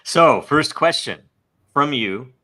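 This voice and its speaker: A man hosting a podcast in casual chat, halting and rambling with many fillers and restarts. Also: mid-range voice, expressive, sharp tone. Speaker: podcast host.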